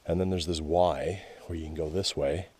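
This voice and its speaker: A man's voice: low voice, fairly even intonation, moderate pace, darkish tone, slightly rough. A man with a Canadian accent, narrating a hike in the woods to an action camera in a wry, grumbling way. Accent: Canadian English. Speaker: hiking vlogger. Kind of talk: casual narration while hiking. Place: wooded trail outdoors.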